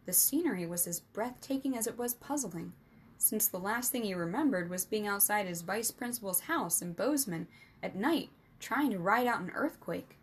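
A woman storyteller reading a children's adventure novel aloud in a steady, expressive narration. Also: mid-range voice, moderate pace, a little hiss or hum.

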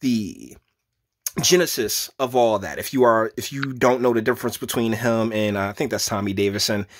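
A man giving casual reaction commentary, rambling with many stammered restarts and jumps into high laughter. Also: moderate pace. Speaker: YouTube commentator.

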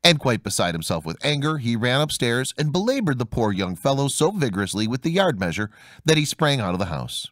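A man narrating a fairy tale audiobook in an expressive storytelling manner. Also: mid-range voice, brisk, no room sound, studio quality. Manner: expressive storytelling, voicing each character.

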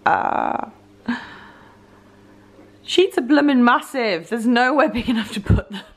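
A woman's voice: a little high, slow. A young woman chatting casually to camera as a vlogger, bubbly and giggly. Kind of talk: casual vlog chat. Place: home, then a shop fitting suite.

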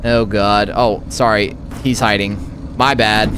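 A man's voice: lowish voice, steady tone, takes it slowly, background noise. A man giving casual let's play commentary on a horror game, rambling with laughing asides. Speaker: gaming YouTuber.

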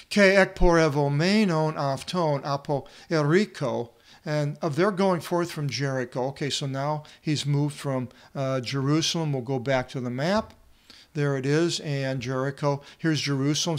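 A man teaching a Bible study lesson, reading Greek aloud and translating it with many pauses and fillers. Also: mid-range voice.

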